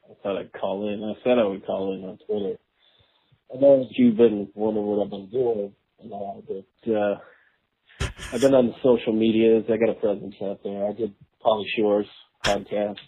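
A man doing an impression of a famous rock singer who is laid-back and self-promoting. He leaves a voicemail in a mumbling low drawl with sudden sung outbursts. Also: little pitch movement, moderate pace, breathy edge. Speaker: voicemail caller. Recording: tinny phone voicemail.

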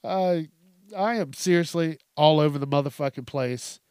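A man's voice: a little high, normal speed, a little mellow, clean tone, no room sound, studio quality. A young man hosting a comedy podcast, ranting in a rambling, profane way and laughing at his own jokes. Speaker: podcast host.

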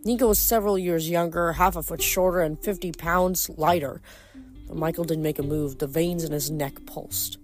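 A woman reading a novel aloud and adding rambling, expressive commentary between chapters. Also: on the low side, normal speed, music in the background. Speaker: audiobook reader.

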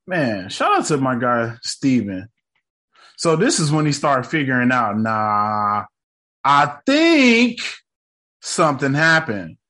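A man's voice: medium pitch, very animated, measured pace, sharp tone. A man co-hosting a casual recap podcast, talking in a laid-back, slangy, joking way. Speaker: podcast co-host. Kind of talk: casual TV episode recap chat.

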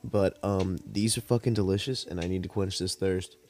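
A man's voice: low-pitched, fairly even intonation, moderate pace, darkish tone. Laid-back, rambling young man. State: cotton mouth, high. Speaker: podcast host. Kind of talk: casual storytelling monologue.

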